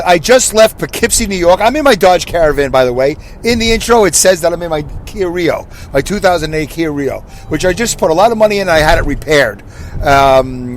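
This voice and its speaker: A sixty-something man records a casual solo podcast in his car, rambling, self-correcting and questioning his listeners. His voice sits fairly high, and there's slight background noise.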